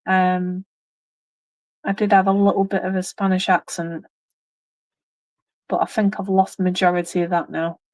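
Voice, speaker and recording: A woman's voice: lowish voice, little pitch movement, normal speed, pauses often, darkish tone, no room sound, poor audio. A woman in her thirties with a mixed English accent, chatting casually on a live stream and rambling with many ums and restarts. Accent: English, mixed regional. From England.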